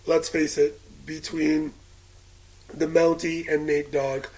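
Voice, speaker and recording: A man's voice: a little high, level tone, slow, darkish tone, low-quality recording. A man co-hosting a casual wrestling podcast, cracking jokes and swearing casually. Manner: wisecracking, casual profanity. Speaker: podcast co-host.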